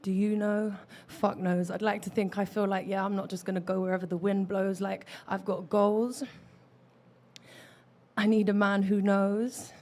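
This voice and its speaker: A woman's voice: medium pitch, flat delivery, moderate pace, a little mellow. A young woman from London with a London accent, performing rhythmic rhyming spoken word poetry into a stage microphone at an open mic. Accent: London English. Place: open mic venue, indoors.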